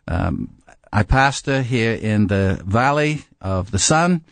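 English pastor, dry close voice. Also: male voice, fairly low pitch, lively intonation, takes it slowly, gravelly, no echo. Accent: English with a slight American twang. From England. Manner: conversational, self-deprecating humor. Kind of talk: sermon.

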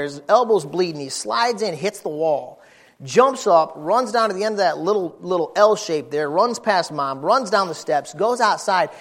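Animated high-voiced male preacher. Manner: animated, folksy, emphatic. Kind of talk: storytelling sermon.

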